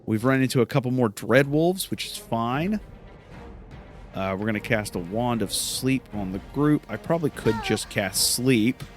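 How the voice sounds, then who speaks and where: A man's voice: medium pitch, lively intonation, normal speed, faint music behind. A man hosting a let's play, giving casual gameplay commentary, rambling and correcting himself with many fillers.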